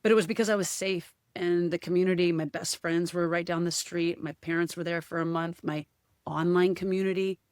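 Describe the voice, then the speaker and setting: A woman's voice: fairly low pitch, fairly even intonation, fairly quick, a little mellow, smooth, no room sound, studio quality. A woman guest in a casual podcast chat, speaking candidly and emotionally, often quoting what others said. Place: podcast studio.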